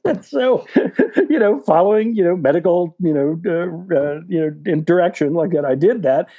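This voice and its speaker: This West Virginia author, a man in his sixties, is the interview guest, with a slightly high voice and a fairly quick pace. The audio sounds narrow and tinny, and his storytelling is loose and casual, packed with fillers.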